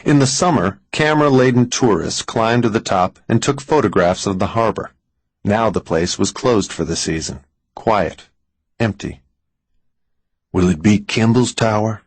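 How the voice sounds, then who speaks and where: A man narrating a suspense audiobook in a measured way, slowing down for tense moments. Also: lowish voice, no echo, low-quality recording. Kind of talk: scripted narration.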